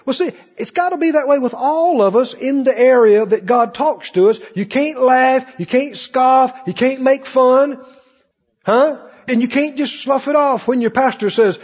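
A man's voice: extremely high pitch, moderate pace, husky, in a large hall, highs cut off. A male pastor preaching a sermon in a church, acting out the voices of Bible figures as he goes.

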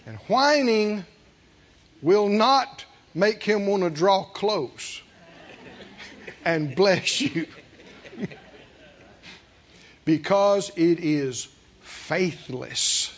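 An older male preacher drawls his sermon slowly, chuckling often, his voice high and swooping widely. The recording is dull and lo-fi with a faint hiss. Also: lively intonation.

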